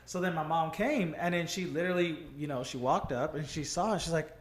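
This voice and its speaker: Animated young man with a higher voice. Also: fairly quick, slight background noise. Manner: animated storyteller, laughs often, acts out dialogue. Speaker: co-host. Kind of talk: casual podcast chat. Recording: echoey room.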